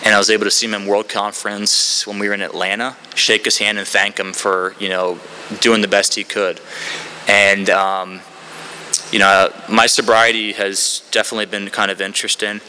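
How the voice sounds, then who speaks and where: A man's voice: on the low side, flat delivery, moderate pace, pushed and bright, a little hiss or hum. A man speaking at a recovery meeting, sharing his story in a candid, rambling way with many fillers. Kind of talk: candid personal share.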